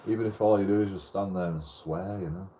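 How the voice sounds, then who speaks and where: British male streamer, low-ish warm voice, rambling and sweary, laughs a lot. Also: fast. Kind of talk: casual storytelling while gaming.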